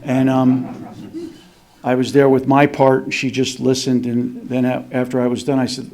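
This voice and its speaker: A middle-aged man speaks at a recovery meeting, his voice warm and mellow. He tells his story candidly and plainly, like a confession. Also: medium pitch, flat delivery, normal speed, long pauses.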